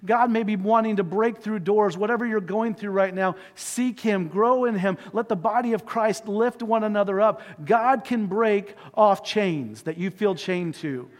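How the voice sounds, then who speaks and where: Earnest high-voiced pastor in a reverberant church. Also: male voice, moderate pace, few pauses. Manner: earnest, emotive retelling with shifting pace. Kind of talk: sermon storytelling and closing prayer. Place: church sanctuary.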